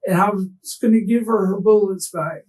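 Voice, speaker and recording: A man's voice: sits high, steady tone, darkish tone, far from the mic, a little hiss or hum, poor audio. Distraught man in a police interrogation. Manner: halting, distraught, restarting sentences. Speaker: murder suspect under interrogation.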